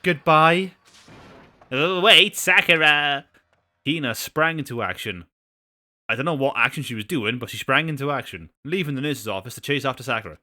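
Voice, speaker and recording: Bright-voiced male streamer. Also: mid-range voice, lively intonation, fast. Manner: self-deprecating, stumbling. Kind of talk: game stream with narration.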